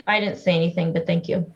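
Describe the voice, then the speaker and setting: A woman's voice: lowish voice, fairly even intonation, brisk, muffled recording. A woman playing a tabletop role-playing game, chatting casually and laughing often. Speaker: player.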